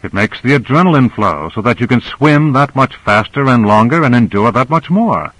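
A man voicing a calm male hero who reassures and explains in an even voice. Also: medium pitch, moderate pace, no echo, low-quality recording. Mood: reassuring.

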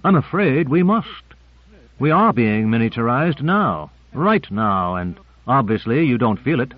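A man's voice: mid-range voice, very animated, a little slow, no room sound. A man voicing a precise, formal male scientist. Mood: dry humor. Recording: muffled lo-fi recording.

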